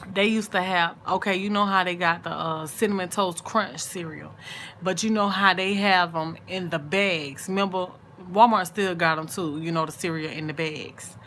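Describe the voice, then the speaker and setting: A middle-aged woman, chatting with her viewers late at night in a sleepy, drawn-out, easygoing way. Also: fairly low pitch, steady tone, a little hiss or hum. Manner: chatty and drawn-out, soft and sleepy, murmured asides. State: sleepy, yawning. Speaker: vlogger on a late-night livestream.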